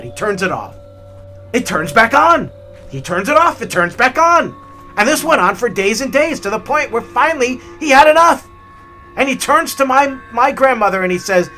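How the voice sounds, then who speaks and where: A man hosting a hiking vlog and telling stories in an animated, chatty way with many fillers. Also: high-pitched, normal speed, soft background music. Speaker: hiking vlogger. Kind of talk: storytelling narration.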